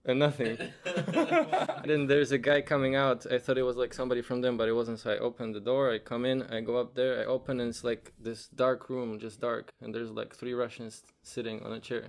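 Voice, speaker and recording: Gravelly young man telling stories. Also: medium pitch, a little fast. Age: young adult. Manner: relaxed, says "bro" and "like" a lot. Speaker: podcast guest. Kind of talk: casual storytelling.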